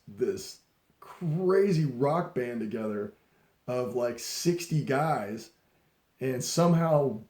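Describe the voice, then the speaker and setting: Brief: middle-aged man, mellow tone, rambling emphatic storyteller, echoey room. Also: medium pitch. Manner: rambling, emphatic, laughs often, frequent restarts. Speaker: speaker sharing leadership stories. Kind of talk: casual storytelling talk.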